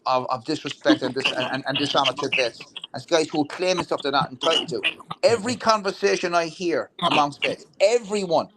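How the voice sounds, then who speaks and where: Blunt, swearing man with light noise. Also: on the high side. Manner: blunt, repetitive, swears, many restarts. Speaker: veteran political talk show guest. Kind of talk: heated political talk.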